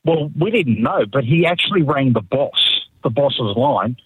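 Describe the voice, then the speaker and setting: A man's voice: mid-range voice, lively intonation, measured pace, husky, no room sound, phone-quality sound. A middle-aged man calling into a radio show, telling an anecdote animatedly and restarting his sentences. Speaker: caller. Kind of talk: casual phone-in anecdote.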